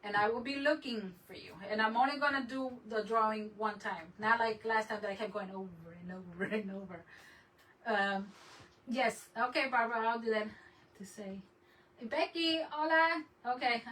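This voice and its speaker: A woman's voice: medium pitch, steady tone, moderate pace, fairly bright tone. A woman hosting a craft livestream, chatting casually with viewers, laughing often and greeting them in Spanish. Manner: laughs often, trails off mid-sentence. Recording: voice a bit distant, faint room noise.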